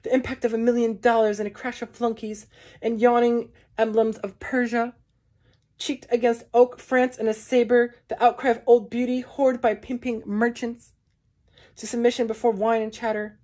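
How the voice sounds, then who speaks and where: A woman giving a measured poetry reading, with slow, deliberate phrasing and long pauses. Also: a little high, level tone, mellow. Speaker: poetry reader.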